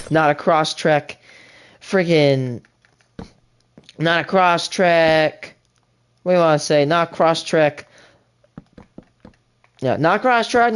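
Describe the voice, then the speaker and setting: Streamer ranting about a tv show, rambly, keeps restarting, mid pitch. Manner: rambling, restarts often, indignant asides. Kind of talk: casual live-stream commentary.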